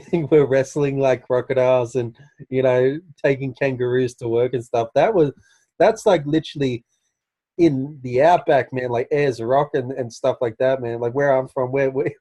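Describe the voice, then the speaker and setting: A man's voice: mid-range voice, moderate pace, dark tone. A young Australian man with an Australian accent, chatting casually as a guest over a video call, rambling with lots of "like" and "man".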